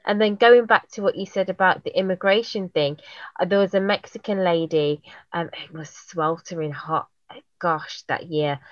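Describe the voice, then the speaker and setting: A woman with a British accent, of Jamaican heritage, telling lively stories in casual chat and acting out the voices of people she quotes. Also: lowish voice, normal speed, no room sound, dull audio. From Jamaican heritage, raised in Britain. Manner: animated storyteller, acts out quoted voices.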